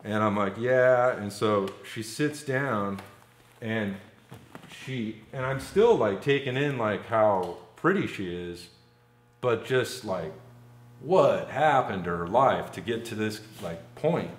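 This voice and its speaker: A low-voiced man, animated but slow, rambles through a lengthy personal story as a podcast guest, saying "like" constantly among other fillers. The recording is echoey and carries a little hiss or hum.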